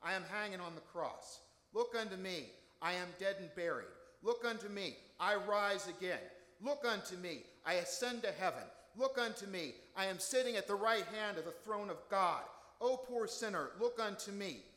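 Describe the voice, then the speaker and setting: A man's voice: fairly high pitch, sing-song, takes it slowly, long pauses, fairly bright tone, heavily acted. A fervent old country deacon, as a preacher puts him on, hammers home each plea in rustic dialect. His voice sits raised and carries with emphatic repetition. The sound rings through a hall with long reverb. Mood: rising fervor.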